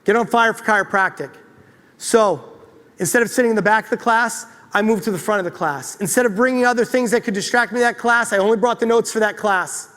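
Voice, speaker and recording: A man with a strikingly high speaking voice tells a motivational story to a live audience, animated and quick to joke at his own expense. His voice carries a long reverb from the hall he speaks in. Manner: animated, joking, self-deprecating. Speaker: speaker at a chiropractic event.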